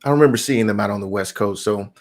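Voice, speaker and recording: A man in his forties hosting a daily reminder, telling a lively motivational story with bursts of mock outrage and laughter. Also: fairly low pitch, rapid-fire. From United States. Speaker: host of a daily reminder series.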